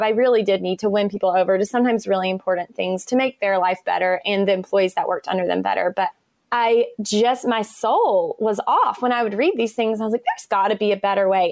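Podcast guest, woman, animated storyteller, close dry mic. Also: medium pitch, dry recording. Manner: enthusiastic, animated, acts out quotes. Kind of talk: conversational interview storytelling.

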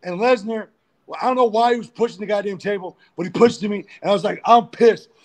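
A man's voice: high-pitched, fast talker. A man, a pro wrestler guest, telling crude, profane backstage stories in a casual interview. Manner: profane, animated storyteller.

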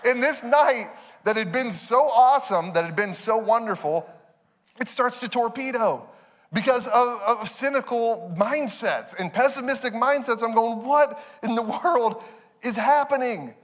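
At a measured pace, a pastor preaches a storytelling sermon from a church stage, the sound carrying a big-room quality. His voice sits fairly high, and he animatedly slips into his kids' high voices, laughing frequently.

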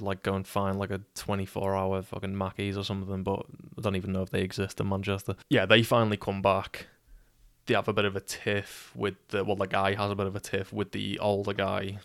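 A man's voice: on the low side, completely flat delivery, brisk, vocal fry, no room sound, clean studio sound. A young man with a Scouse accent telling a rambling, wry, swear-heavy anecdote. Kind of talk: casual storytelling.

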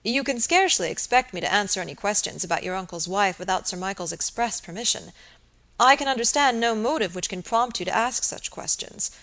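A woman's voice: medium pitch, animated, fairly quick, fairly bright tone. A woman reading an audiobook and voicing a proper, formal male village surgeon who speaks with stiff politeness. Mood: formal, indignant.

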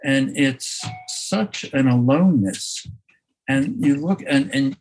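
A man, a photographer, talking in a slow, thoughtful way in an interview, often restarting his sentences and laughing softly. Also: mid-range voice, slightly rough, rough recording. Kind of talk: reflective conversational interview.

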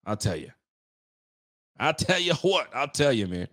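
Animated trash-talking sports show man. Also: mid-range voice, measured pace, pauses often. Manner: animated, emphatic, ranting, trash-talking, often repeats himself. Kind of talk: casual sports talk show.

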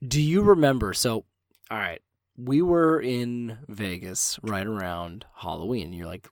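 Dude on a podcast, telling crazy stories, cussing a lot, dry mic sound. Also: male voice, on the low side, unhurried, no room sound. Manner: animated storyteller, swears freely, acts out quotes. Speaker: podcast co-host. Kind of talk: casual storytelling chat.

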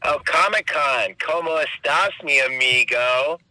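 A man's voice: on the high side, measured pace, bright, forceful tone, no room sound. A man on a phone call impersonating a washed-up film actor, speaking in a laid-back, offhand way. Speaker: phone caller in a comedy bit.

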